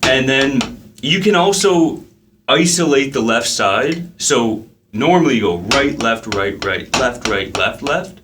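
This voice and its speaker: A man teaching a drum lesson in a relaxed way, counting the beats out loud as he plays. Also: medium pitch, slow, background noise. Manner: counts beats aloud while playing, casual with fillers. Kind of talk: relaxed instructional talk.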